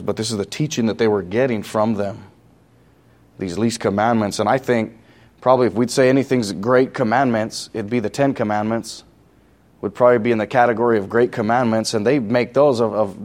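A man preaching a sermon from scripture, talking through it in a loose, conversational way with restarts, then building to loud, impassioned passages. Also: mid-range voice. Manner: conversational asides with many restarts.

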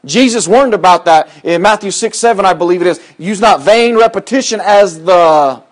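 A man preaching a sermon, moving between loud, high-pitched emphatic lines and low, quiet asides. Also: normal speed. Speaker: pastor.

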